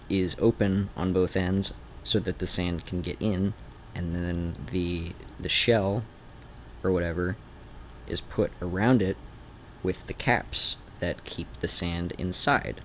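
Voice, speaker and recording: A man's voice: sits low, fairly even intonation, slow, a little hiss or hum. A man streaming while he sketches, thinking aloud, trailing off and restarting, with a faint Canadian-like North Idaho accent. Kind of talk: rambling drawing stream. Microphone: desk mic.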